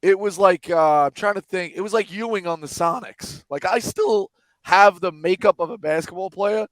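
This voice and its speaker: A man's voice: high-pitched, normal speed, no echo. Rowdy thirties man telling stories. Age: 30s. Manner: rowdy storyteller, acts out quotes loudly. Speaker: podcast co-host. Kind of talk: casual chat.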